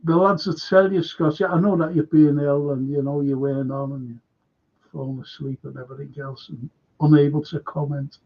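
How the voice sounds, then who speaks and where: A man's voice: a little high, steady tone, brisk, dull audio. A man with a Liverpool accent hosting a casual live stream, chatting and reading out viewer comments. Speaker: fan channel host.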